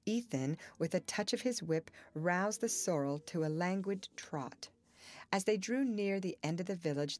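A woman reads a classic novel aloud in a somewhat low voice. Her narration is measured and even, the steady pace of a scripted audiobook. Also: dry recording.

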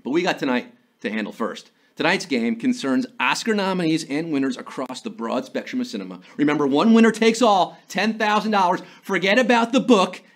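A man's voice: a little high, a little fast. A man hosting a live trivia game show, reading questions with playful jokes and theatrical asides. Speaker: quiz show host.

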